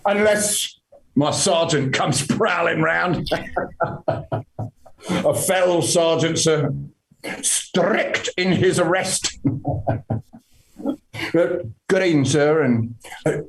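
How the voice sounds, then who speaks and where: A humble, chatty palace guard, played by a man, folksy and forever deferential in old stage speech. His voice sits a touch high for a man, and his delivery is unhurried. It is recorded in an echoey room. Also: gravelly, soft background music, heavily acted. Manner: deferential, folksy, keeps calling the other man sir. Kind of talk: Elizabethan stage acting.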